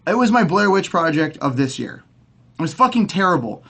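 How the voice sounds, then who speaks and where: A young man with a rather high voice rants through a casual video review. He swears freely and keeps tripping over his own words, restarting again and again in a heated, stammering rush. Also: big pitch swings, brisk, creaky, a bit bright. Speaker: movie reviewer.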